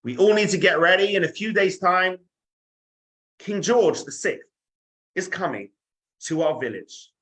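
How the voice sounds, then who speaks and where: A man's voice: sits high, animated, a little slow, pauses often, a bit bright, pitched above the performer's own voice. A man voicing a strict school headmaster who makes a formal, warning announcement to pupils. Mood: stern.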